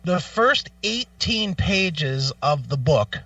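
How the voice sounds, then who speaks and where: A man's voice: on the high side, very animated, slow, pushed and bright, no echo, far from the mic, dull audio. A man hosting a radio show, telling a profane, exasperated story in a casual rant. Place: radio studio.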